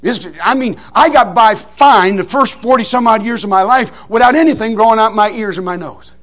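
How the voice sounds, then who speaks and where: A middle-aged man preaching a Baptist sermon in a folksy, animated way, repeating phrases and restarting his words. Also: high-pitched, moderate pace.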